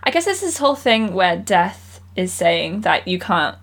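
A woman's voice: on the low side, a little slow. A woman co-hosting a podcast, casually and thoughtfully talking through a book's ideas. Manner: thoughtful, relaxed, musing. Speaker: podcast co-host. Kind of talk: casual book club chat.

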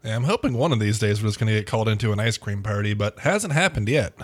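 A man player in a tabletop game, making teasing jokes and quick asides. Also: on the low side, expressive.

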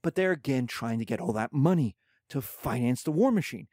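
A man explaining history in a lively, conversational lecture with quick spoken asides. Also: mid-range voice, no room sound, studio quality.

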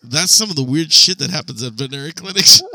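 A man with a very bright, forward voice tells a rambling story as a podcast co-host. His talk is loose and profane, and he keeps breaking into laughter. The sound is close and dry. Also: on the high side, no echo. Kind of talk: casual storytelling chat.

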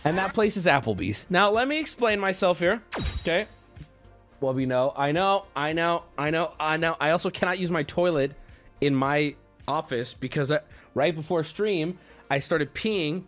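A man's voice: a little high, fairly bright tone. A man in his thirties telling casual stories on his stream, swearing and laughing at himself.

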